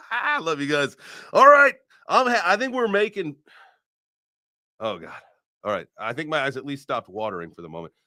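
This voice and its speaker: A man's voice: fairly high pitch, animated, normal speed, long pauses, pushed and bright, no room sound, studio quality. A man hosting a casual live stream, joking and rambling and swearing casually.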